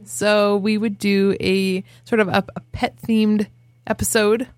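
A woman's voice: medium pitch, flat delivery, a little slow, darkish tone, no echo. A woman hosting a podcast in casual chat, jokey and playful, swearing freely. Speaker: podcast host.

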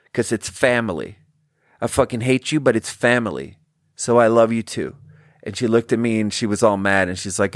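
A man's voice: mid-range voice, no echo. Rambling man with a dry close sound. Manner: rambling, frequent restarts and tangents, laughs while talking. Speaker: podcast host. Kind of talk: casual rambling monologue.

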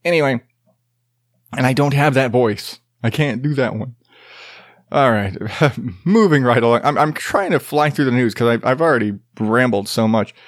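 A man's voice: medium pitch, normal speed, no echo, clean studio sound. A man hosting a casual news commentary show, rambling and profane, with jokey asides.

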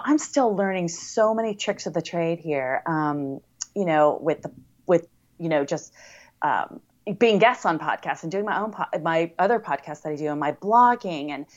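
A woman's voice: fairly low pitch, dull audio. An American woman chatting as a podcast guest, upbeat and talkative with lots of fillers. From United States. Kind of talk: casual interview chat.

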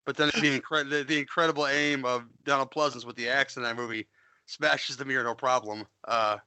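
A man's voice: medium pitch, fairly even intonation, fairly quick, bright, forceful tone, clean tone, no room sound. A man casually chatting on a podcast, rambling, joking and swearing as he reviews a film, often restarting his sentences. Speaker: podcast co-host. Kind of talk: casual movie-review chat.

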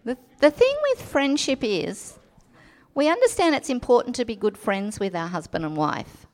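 A woman calmly leading a marriage workshop and giving instructions to the groups. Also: on the high side, normal speed. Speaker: marriage counsellor speaker. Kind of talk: workshop talk.

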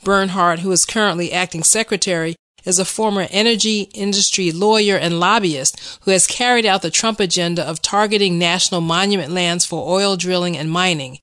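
A woman reading scripted news headlines in an even, measured way. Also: fairly low pitch, no echo.

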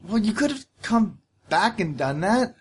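A man playing a loyal, earnest young male fighter in a tabletop game, speaking in halting, heartfelt bursts. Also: sits high, very animated, slight background noise, pitched above the performer's own voice. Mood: gentle. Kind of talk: in-character tabletop role-play.

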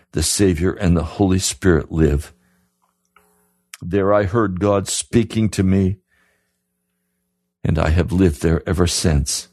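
A man's voice: deep voice, mellow, dry recording, studio quality. A man preaching a radio sermon, earnest and pleading, repeating his questions to the listener. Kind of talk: sermon broadcast.

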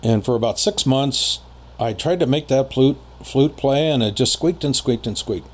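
A man telling a personal story in casual conversation as a podcast guest, rambling with many pauses and fillers. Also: mid-range voice.

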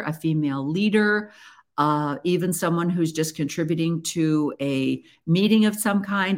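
A woman hosting her own podcast, talking to listeners in an earnest, encouraging way and often restarting her sentences. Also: low-pitched. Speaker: podcast host. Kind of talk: casual solo podcast talk.

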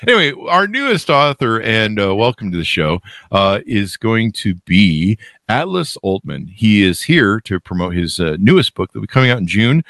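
Lively, jokey male podcast host. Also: lowish voice, normal speed, few pauses, dry recording, studio quality. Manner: jokey and rambling, with many fillers. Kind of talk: casual interview chat.

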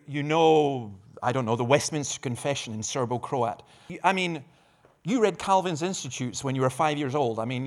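A slightly high-voiced middle-aged man, a preacher and evangelist, speaks at a conference about evangelism. His storytelling is lively and full of humorous asides, and he often restarts phrases, repeating words along the way.

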